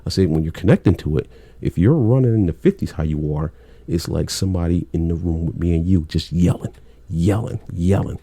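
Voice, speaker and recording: A man's voice: low voice, a little fast, warm tone, husky, no echo. A middle-aged man, a cable technician, telling work stories in a blunt, laid-back way with plenty of swearing. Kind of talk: casual storytelling chat.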